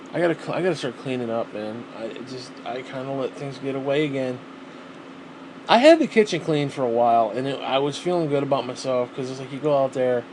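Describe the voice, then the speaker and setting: A man's voice: on the high side, a little mellow, slight background noise, poor audio. A man talking casually to the camera at home, rambling and swearing freely. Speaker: vlogger.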